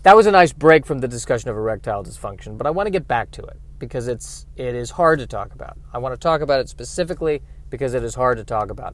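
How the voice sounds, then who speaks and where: A man hosting a solo comedy podcast from his car, wry and self-deprecating, breaking into loud exasperated rants. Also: a little high, lively intonation, a little fast, no echo. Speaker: podcast host. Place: in a car while driving and parking.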